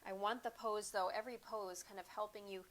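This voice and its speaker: A woman teaching a yoga class, calmly cueing breaths and poses at an unhurried pace. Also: mid-range voice. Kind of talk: guided yoga class instruction.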